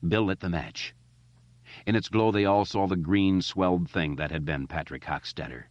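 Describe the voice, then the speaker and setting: A man reading a horror novel aloud as audiobook narration, measured and dramatic, in a slightly dull, lo-fi recording. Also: low voice, no echo.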